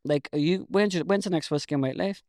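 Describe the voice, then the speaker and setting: A man's voice: on the high side, fast talker, darkish tone, no room sound, clean studio sound. A man with a West Belfast accent chatting casually on a podcast, calling the other man mate. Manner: chatty, says mate a lot. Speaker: podcast host. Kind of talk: casual chat.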